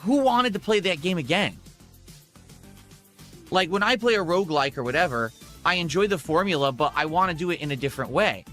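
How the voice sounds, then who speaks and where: A man's voice: a little high, animated, brisk, a bit bright, faint music behind. A man chatting casually as a podcast co-host, frank and dismissive. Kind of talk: casual chat.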